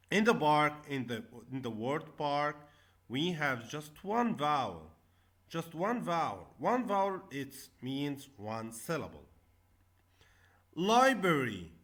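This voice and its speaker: Guy teaching a class, kinda high voice, pitch bouncing all over, repeats every word. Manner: repeats each word, stresses syllables loudly. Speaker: English teacher. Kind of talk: slow classroom lesson.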